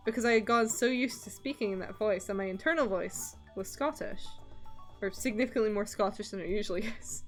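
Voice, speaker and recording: A woman chats casually on a stream, rambling through her thoughts and filling pauses with plenty of ums. She laughs often as she talks, and her pitch sits at a middle level. Faint music plays underneath. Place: lives in Scotland.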